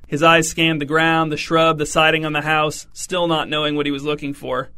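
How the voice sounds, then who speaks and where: Dude reading a funny story, dry deadpan, bright kinda high voice. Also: male voice, normal speed, clean tone. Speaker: audiobook narrator. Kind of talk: scripted comic narration.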